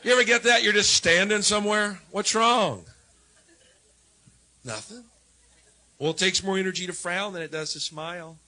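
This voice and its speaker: A man performing a stand-up routine in a wry, sardonic way, swinging between low mutters and loud jabs. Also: fairly even intonation, fast, few pauses, rough recording. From United States. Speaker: stand-up comedian.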